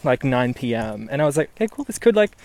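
A man's voice: mid-range voice, big pitch swings, quick pace, darkish tone, no echo. A man from Newcastle telling a story casually and animatedly, swearing and laughing as he goes.

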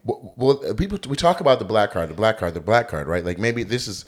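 Male podcast co-host, lowish voice, loose joking storyteller. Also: fast. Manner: animated, joking, profane storytelling. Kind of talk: casual podcast chat.

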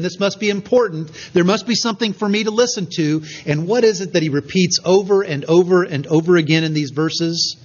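A man preaching a sermon, earnest and measured, reading scripture aloud. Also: on the high side. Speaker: pastor. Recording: dull lo-fi recording.

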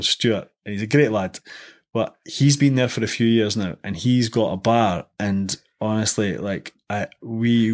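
A young man chatting as a podcast guest, telling stories loosely with lots of fillers and restarts. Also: on the low side. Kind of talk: casual podcast chat.

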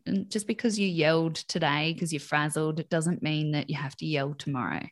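Lively mum, dry close sound. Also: female voice, deep voice, normal speed, dry recording. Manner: lively storytelling, acting out family quotes. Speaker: mother talking about parenting. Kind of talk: casual podcast chat.

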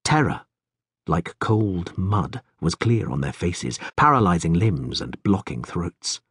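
A man reading a fantasy audiobook aloud with dramatic, expressive narration. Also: low-pitched, slow pace, slightly rough, dry recording, clean studio sound.

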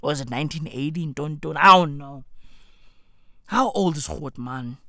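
A comedic host ranting profanely, with slang and repeated "bruv", swinging between shouting and muttering. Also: mid-range voice, normal speed, no echo, clean studio sound. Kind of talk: comedic rant.

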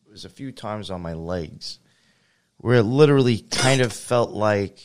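A man's voice: lowish voice, expressive, a little slow, a little hiss or hum. A man hosting a casual podcast chat, talking loosely, swearing and often restarting his sentences. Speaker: podcast host.

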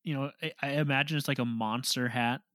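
A man's voice: medium pitch, fairly even intonation, a little fast, a bit bright, no echo, studio quality. A man co-hosting a casual podcast chat, reacting with exaggerated embarrassment and mock quotes. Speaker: podcast co-host.

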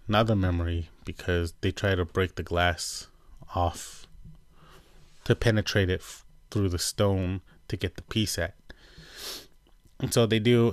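A man with a notably low, deep voice recaps a TV episode in a loose, chatty way, leaning on fillers and acting out characters' lines in quick voices. The sound is dry and close, with no room echo. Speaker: show reviewer.

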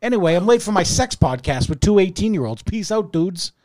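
A man doing a smug dude-bro who piles on the slang in a mocking, self-satisfied way. The voice sits fairly high and bounces lively up and down. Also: a little fast.

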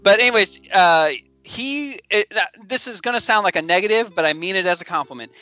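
A man's voice: sits high, a little fast, sharp tone, dry recording, faint music behind, poor audio. A man co-hosting a podcast in casual chat, talking in a chatty way and laughing often. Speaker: podcast co-host.

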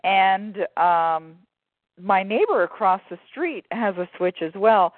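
A woman author telling stories in a relaxed interview, with frequent fillers and laughter. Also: medium pitch, slow pace, no echo. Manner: animated storyteller, many fillers and laughs. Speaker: guest author. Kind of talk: casual conversational interview. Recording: phone-like dry line.

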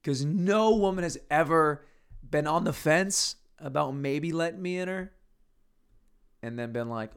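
A man's voice: fairly high pitch, animated, moderate pace, gravelly, a bit bright, clear, resonant tone. A man hosting a podcast alone, rambling crudely in a casual monologue with mumbles and restarts, on a podcast mic. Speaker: podcast host. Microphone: podcast microphone.

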